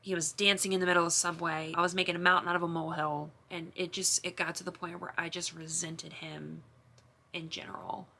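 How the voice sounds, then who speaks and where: A young woman speaks to camera in an emotional, confessional vlog. Her voice is bright and rather low-pitched. She rambles and starts her sentences over again and again. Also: flat delivery, fairly quick, gravelly. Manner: emotional, rambling with many restarts and fillers. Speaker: vlogger.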